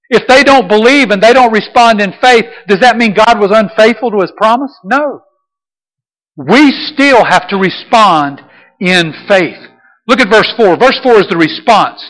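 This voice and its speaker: High-pitched guy preaching hard, lots of repeating and questions, big echoey hall. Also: a bit bright. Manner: emphatic, repetitive preaching with rhetorical questions. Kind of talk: sermon.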